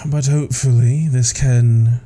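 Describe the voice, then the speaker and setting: A man playing a regal, guarded serpent-haired woman adventurer, speaking in a measured, formal way in a tabletop game. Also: medium pitch, fairly even intonation, dark tone. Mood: poised.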